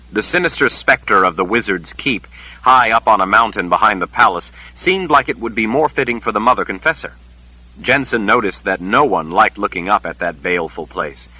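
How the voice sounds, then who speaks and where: A man reading a fantasy novel aloud as an audiobook narrator, in a measured, even storytelling delivery. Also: on the low side, slightly rough, no echo, low-quality recording.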